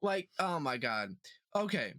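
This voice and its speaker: Man, podcast co-host, casual comedic chat, swears a lot, higher voice. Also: very animated, measured pace, pushed and bright. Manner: swears freely, retells chats with exasperated disbelief.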